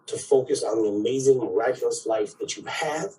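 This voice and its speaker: A man's voice: medium pitch, brisk, warm tone, far from the mic, rough recording. A man giving a spiritual talk, who keeps checking in with "right?" and acts out quoted voices.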